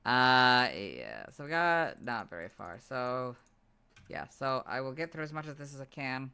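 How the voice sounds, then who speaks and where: A young man who is losing his voice, muttering asides while editing on a livestream, then reading out stat entries loudly. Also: medium pitch, big pitch swings, measured pace, gravelly, clear, resonant tone. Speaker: video creator editing on a livestream. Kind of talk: casual livestream chat and reading out stats.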